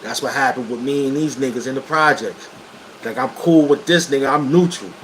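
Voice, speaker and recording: A man with a New York accent hosts a casual livestream and talks straight to his viewers. He speaks in blunt street slang at an ordinary middle pitch. The steady hum of an air conditioner runs clearly behind his voice. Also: a little fast, low-quality recording. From Brooklyn, New York. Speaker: livestream host.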